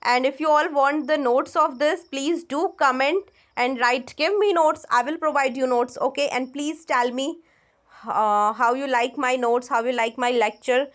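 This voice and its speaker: A woman's voice: high-pitched, fairly even intonation, unhurried, a bit bright. A woman with an Indian accent giving an online literature exam lecture, explaining step by step and correcting herself as she goes. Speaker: exam prep teacher.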